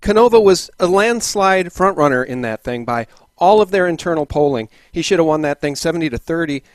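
A man's voice: a little high, animated, brisk, no echo. A man hosting an interview over a video call, plainly summarizing details for the audience. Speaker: host.

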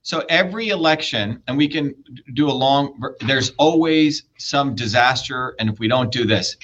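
A man's voice: medium pitch, normal speed, a bit bright, lo-fi sound. A man running for office, arguing bluntly and lecturing with profanity in a heated political debate. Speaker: political candidate.

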